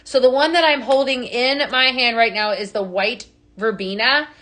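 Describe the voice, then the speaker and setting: A woman hosts a live sales stream, her voice bright and forward with a slightly high pitch. She rambles cheerfully through product details, full of fillers and asides. She keeps breaking off to greet and answer viewers by name. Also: steady tone, normal speed. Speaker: host of a live product sale. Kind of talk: chatty live-stream selling.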